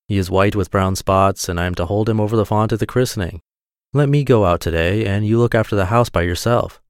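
A man's voice: fairly low pitch, brisk, smooth, dry recording, clean studio sound, natural voice. A man voicing a sly, greedy female cat in a fairy tale, talking in a coaxing, cool way. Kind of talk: storybook reading.

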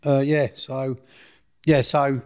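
A middle-aged man tells his story in a loose, conversational way. He talks at a mid pitch, circles back to correct himself, and slips into quoting other people as he goes. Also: little pitch movement, slow, clean tone. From Essex, England. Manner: rambling, self-correcting, acts out others' speech. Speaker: interview guest. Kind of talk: casual storytelling in a podcast interview.

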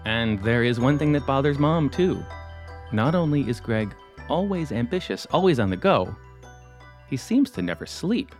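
A man's voice: mid-range voice, expressive, moderate pace, faint music behind. A man, the host, narrating the story in a scripted, dramatic way with teasing questions.

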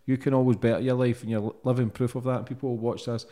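A man's voice: medium pitch, little pitch movement, very fast, dark tone. A man hosting a podcast, earnest and swearing for emphasis as he praises his guest. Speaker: podcast host. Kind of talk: casual interview talk.

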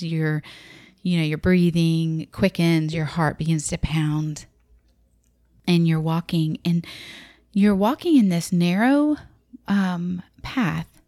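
Low-voiced woman telling a personal story. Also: a little mellow, no room sound, clean studio sound.

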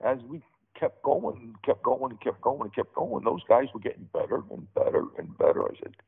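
A man's voice: mid-range voice, very animated, normal speed, gravelly, slightly rough. A man, a former offensive line coach, chatting earnestly and repeating phrases for emphasis. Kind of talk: casual chat. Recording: phone-like narrow sound.

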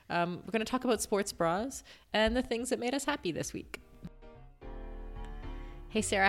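A woman hosting a sports podcast, introducing segments and bantering playfully with lots of giggles. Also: lowish voice. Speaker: podcast host. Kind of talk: casual chat.

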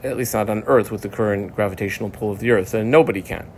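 A man teaches a Talmud lesson in a casual, chatty style, explaining and translating terms amid many fillers and restarts. He talks fast in a fairly low voice, with a little hiss or hum.

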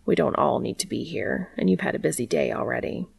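A woman voicing a quiet, earnest adult male angel in a read-aloud story. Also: very deep voice, expressive, fairly quick, vocal fry, slightly rough, no room sound, pitched below the performer's own voice, heavily acted.

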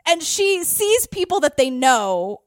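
Animated high-voiced woman podcaster. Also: takes it slowly, no room sound. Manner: animated, profane storytelling with impressions. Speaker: podcast co-host. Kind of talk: casual chat recapping a documentary.

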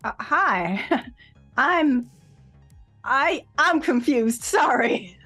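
Brief: British woman, high voice, shy and stammering in character, faint music bed. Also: expressive, extremely slow, bright, forceful tone, slightly rough. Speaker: player. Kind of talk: tabletop role-play, playing a character.

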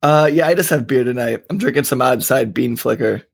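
A man's voice: mid-range voice, brisk, creaky, husky, no room sound. Man in his 30s, podcast co-host, casual joking storyteller, dead-dry mic. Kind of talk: casual banter.

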